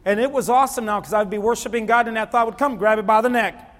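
A man's voice: high voice, fast talker, a bit bright. A man preaching a sermon as pastor, impassioned and repeating phrases for emphasis. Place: church sanctuary. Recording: long hall reverb.

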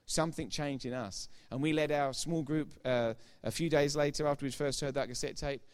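A man's voice: fairly high pitch, steady tone, a little fast, clear, resonant tone. Man, preacher, sermon testimony, retold dialogue, rising emphasis. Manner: retells dialogue with repeated "I said, he said"; grows loud and emphatic when preaching.

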